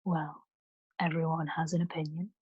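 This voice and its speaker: A woman voicing an insolent, laid-back male river traveller who talks low and dismissively, half whispering. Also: flat delivery, moderate pace, slightly rough, no echo, muffled recording.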